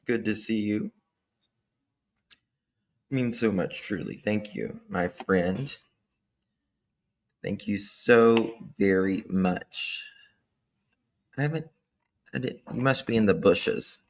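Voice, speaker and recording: A man hosting a livestream, chatting casually, thanking viewers by name and commenting with animated asides. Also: lowish voice, takes it slowly, creaky, long pauses. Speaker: livestream host. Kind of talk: casual true-crime commentary chat.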